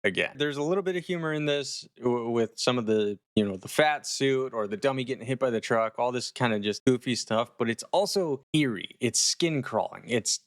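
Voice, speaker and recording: Man, casual horror reviewer, animated and profane, dry close recording. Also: medium pitch, a little fast, few pauses, dry recording.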